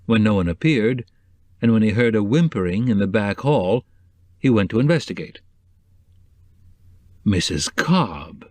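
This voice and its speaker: A man narrating a novel in a measured, even way. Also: on the low side, no room sound. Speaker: audiobook narrator. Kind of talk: scripted narration.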